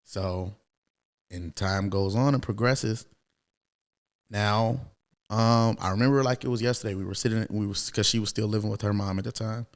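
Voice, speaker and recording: A man in his thirties, a podcast guest, telling a personal story in a casual, animated way. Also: on the low side, normal speed. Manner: animated, acts out quoted voices, many fillers.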